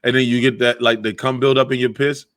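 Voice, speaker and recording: A man's voice: mid-range voice, flat delivery, fast talker, fairly bright tone. A man co-hosting a comedy podcast, telling a crude story in rambling, profane casual banter. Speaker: podcast co-host.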